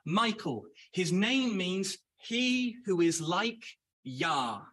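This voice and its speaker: A man's voice: sits high, expressive, very slow, a bit bright, husky, low-quality recording. A man preaching a sermon, addressing brothers and sisters and asking rhetorical questions. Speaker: Bible speaker.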